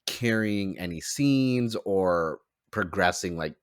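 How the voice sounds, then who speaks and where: A man's voice: sits low, animated, slow, clear, resonant tone, dry recording, studio quality. A man hosting a podcast in casual chat, rambling with lots of "like" fillers. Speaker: podcast host.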